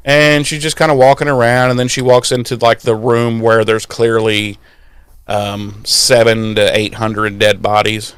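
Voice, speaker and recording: A man's voice: lowish voice, a little slow, smooth, dry recording. A man co-hosting a podcast, recapping an episode in casual, profane chat and acting out the characters' lines. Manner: animated storytelling, swears freely, acts out lines. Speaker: podcast co-host.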